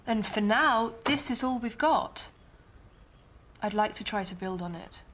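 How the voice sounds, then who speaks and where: An actress playing a calm female art therapist who gently coaxes a patient with questions. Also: medium pitch, unhurried. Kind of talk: TV drama acting.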